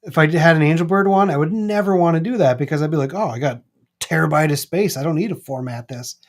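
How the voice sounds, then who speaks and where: A man's voice: on the high side, fast talker. Chatty man with a Minnesota accent. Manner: chatty, rambling, animated. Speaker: live stream co-host. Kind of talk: casual chat. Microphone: streaming mic.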